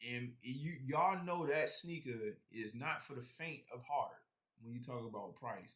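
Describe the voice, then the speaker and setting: A man's voice: mid-range voice, unhurried, a bit bright. A man chatting casually on a live stream about his sneaker collection, rambling and talking straight to his viewers.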